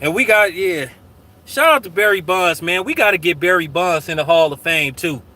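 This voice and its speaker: A man's voice: high-pitched, lively intonation, normal speed, bright, forceful tone. A man hosting his own channel in casual livestream talk, profane and combative. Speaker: channel host.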